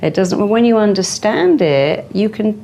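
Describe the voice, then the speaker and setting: A middle-aged woman psychotherapist talking in an interview, emphatic and animated, often acting out the voices of clients and the inner critic. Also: mid-range voice, normal speed, vocal fry, a little hiss or hum. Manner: animated, acts out quoted voices and inner thoughts; emphatic, stresses strong words. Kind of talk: interview conversation.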